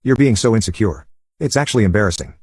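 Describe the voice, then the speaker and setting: Guy voicing a vain girlfriend brushing him off, fast and dismissive, dry sound. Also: lowish voice, animated, a little mellow, slightly rough, no echo. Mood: defensive, scornful. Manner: dismissive, defensive.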